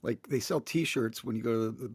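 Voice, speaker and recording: Man, philosophy professor, husky mid-range voice, dry sound, keen and appreciative. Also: mid-range voice, normal speed, no room sound. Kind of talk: casual academic podcast discussion.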